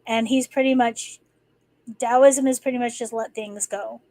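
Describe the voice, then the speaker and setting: A woman hosts a live stream, chatting casually and rambling with many restarts and fillers. Her slightly high voice is mellow and steady, and she takes her time. The recording quality is low.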